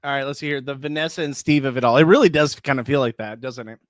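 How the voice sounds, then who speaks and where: Talking quickly in a medium pitch, a reality show reaction host chats casually on a live stream. He greets viewers and laughs often, sitting close to the mic with no room sound.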